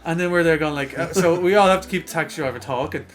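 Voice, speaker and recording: A young Irish man from Dublin, co-hosting a podcast and telling a sweary, animated story in casual chat. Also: a little high, fast talker. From Ireland. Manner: sweary, animated anecdote teller. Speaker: podcast co-host.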